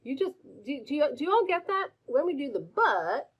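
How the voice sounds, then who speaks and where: A middle-aged woman hosting a live stream, coaching in a chatty, animated way, greeting viewers by name and asking many questions. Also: sits high, fast. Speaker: host answering viewer questions. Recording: dull lo-fi stream audio.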